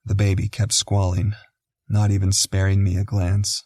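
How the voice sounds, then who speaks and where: A man narrating a first-person romance audiobook in a low, measured, quiet way. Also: completely flat delivery, dry recording, clean studio sound.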